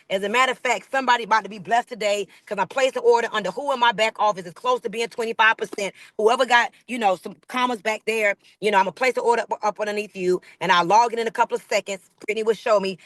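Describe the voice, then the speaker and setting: A high-pitched woman with a bright, forceful voice talks up products on a team training call. She sounds hyped and preachy and repeats phrases for emphasis. The sound is dry and close, with no room echo. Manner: hyped, preachy, calls the audience "baby" and "y'all". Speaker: network marketing leader hosting a team training call. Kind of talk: energetic motivational sales pitch.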